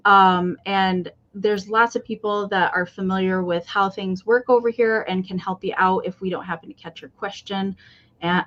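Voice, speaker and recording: A woman with a fairly high voice hosts a live online sale in casual, chatty talk. She greets viewers one by one. The audio is dull and lo-fi, like a muffled livestream. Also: a bit bright.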